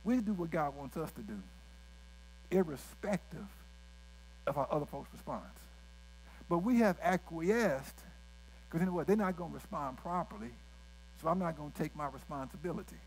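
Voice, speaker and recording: A man's voice: on the high side, moderate pace, long pauses, slight background noise, low-quality recording. Male pastor preaching animatedly. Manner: animated preaching with folksy asides and call-outs to the congregation. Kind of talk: sermon.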